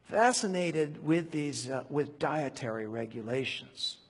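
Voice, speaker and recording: A man with a husky, slightly high voice preaches in a casual, conversational way, wandering off on tangents and restarting his sentences. His voice rings out with a long reverb, as though he is in a large hall. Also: unhurried. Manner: animated, digressive, with many fillers and restarts. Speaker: preacher teaching a Bible study. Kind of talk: conversational sermon.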